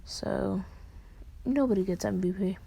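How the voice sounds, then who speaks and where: Woman, whispered role-play, slow, gravelly, breathy whisper. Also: medium pitch. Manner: soft whispered retelling with casual fillers. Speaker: storyteller.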